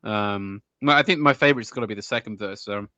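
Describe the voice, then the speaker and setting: A man talking on a video-call stream in a casual chat, excitable, with many hesitant restarts. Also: on the low side, fast talker, no room sound, highs cut off. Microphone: desk mic on a video call.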